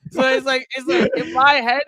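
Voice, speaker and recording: A young man co-hosting a sports podcast, excitable and loud, groaning and shouting at the results. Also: very high voice, moderate pace, dry recording. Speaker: podcast co-host.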